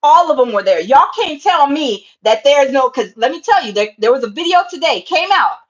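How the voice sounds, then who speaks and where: A woman with a high voice talks straight to her viewers in a fired-up livestream rant. She repeats herself and keeps calling them "y'all". The sound is dull and lo-fi. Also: animated, normal speed. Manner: impassioned, repetitive, keeps addressing viewers as y'all. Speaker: online commentator. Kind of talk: casual livestream commentary.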